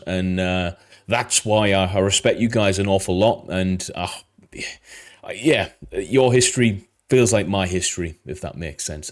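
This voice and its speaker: Halting British man, Royal Marine. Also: fairly low pitch. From Britain. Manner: halting, sincere, full of fillers. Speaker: Royal Marine reaction vlogger. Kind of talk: casual reaction commentary.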